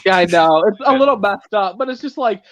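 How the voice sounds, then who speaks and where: A man's voice: high-pitched, expressive, quick pace, fairly bright tone, a little hiss or hum, poor audio. A man hosting a livestream in casual chat, joking and laughing often. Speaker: livestream host.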